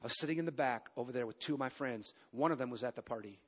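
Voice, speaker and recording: With emphatic pauses and sudden loud eruptions, a preacher in his fifties animatedly tells his story during a sermon in a large church. His voice is husky and mid-range.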